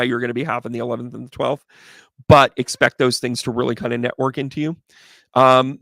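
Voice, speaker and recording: A man reads tarot live for his viewers, bouncing between playful jokes and loud exclamations. His voice has a gravelly, fry-laden edge. The recording is dry and close. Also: medium pitch, no room sound. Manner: excitable, playful, profane, exclaiming. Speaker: tarot reader.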